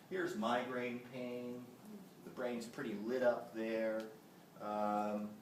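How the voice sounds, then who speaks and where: A man's voice: medium pitch, a little hiss or hum. A man giving a public lecture, emphatic and often checking in with his audience by asking "right?". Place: lecture room. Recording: roomy, distant from the mic.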